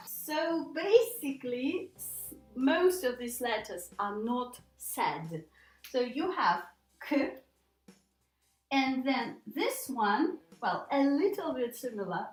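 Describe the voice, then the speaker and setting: A woman with a high, very lively voice gives a pronunciation lesson, taking her time and repeating each word for learners. Her voice rings a little in a roomy space. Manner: patient, repeats words slowly for learners. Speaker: English pronunciation teacher.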